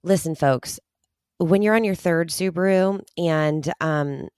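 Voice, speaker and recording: Rambling female podcast co-host, very low voice, dry close sound, lots of ums. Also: slow, darkish tone, smooth, dry recording. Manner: enthusiastic, rambling, frequent ums. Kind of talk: casual chat.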